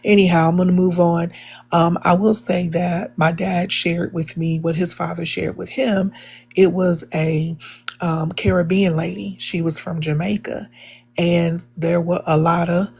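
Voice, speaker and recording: A woman makes her case in a live online debate. Her voice is gravelly and husky and sits fairly low. She speaks earnestly, with plenty of "um"s and restarts. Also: flat delivery, measured pace, darkish tone. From Chicago, USA. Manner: earnest, many fillers and restarts. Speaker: debate participant.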